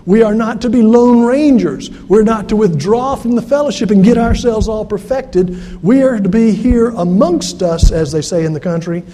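A man's voice: sits high, normal speed, hardly any pauses, dark tone, in a large hall. A pastor from South Carolina, preaching an earnest, conversational sermon to his congregation in a church. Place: church sanctuary.

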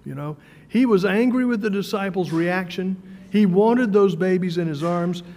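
A man with a high voice preaches a sermon in a relaxed, conversational way, often stumbling over his words and repeating them. He slows down to make a point. His voice rings with a long reverb, as in a church hall. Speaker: pastor.

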